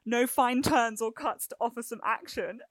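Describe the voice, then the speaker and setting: A woman's voice: fairly high pitch, takes it slowly, no room sound. A woman putting on a half-hearted mock man's voice to read a tweet aloud, breaking into laughter.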